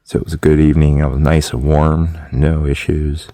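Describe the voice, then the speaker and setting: A man talking to the camera in a relaxed, plainspoken morning camp vlog at a snowy mountain campsite. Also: very deep voice, brisk, no room sound. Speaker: vlogger.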